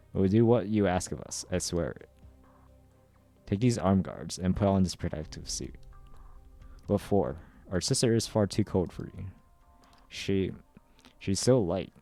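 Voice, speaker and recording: A man reads a game's story dialogue aloud on stream, covering every part. His voice is deep and mellow, and his delivery is steady and even. Quiet music plays underneath. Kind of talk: dramatic readthrough of game dialogue.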